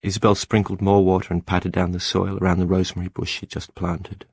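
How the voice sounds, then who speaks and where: A man with a very low voice reads an audiobook in a measured, lyrical way. The recording is dry and close, with no room sound. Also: monotone, darkish tone, husky, no echo. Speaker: audiobook narrator. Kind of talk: scripted audiobook narration.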